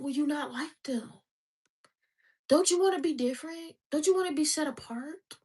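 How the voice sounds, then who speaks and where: A woman's voice: sits high, normal speed, darkish tone, recorded from a distance. A woman giving an emotional, preachy faith monologue, repeating her exhortations with passion and at times crying. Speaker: vlogger.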